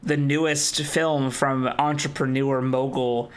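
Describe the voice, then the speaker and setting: A man co-hosting a podcast in casual chat, excitable and leaning on "like" as he talks. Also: medium pitch, smooth. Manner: excitable, fast bursts, heavy use of "like". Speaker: podcast co-host.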